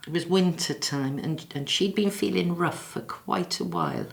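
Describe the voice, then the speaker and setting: An actress voices a bereaved middle-aged woman from the South Wales valleys, speaking in a low register with a soft Welsh lilt. She is practical but tender, and her halting, reflective lines keep breaking into apology as tears come close. It plays like a quiet filmed drama monologue. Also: big pitch swings, creaky, full character voice. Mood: sorrowful. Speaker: bereaved daughter interviewed in her office. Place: quiet office after hours.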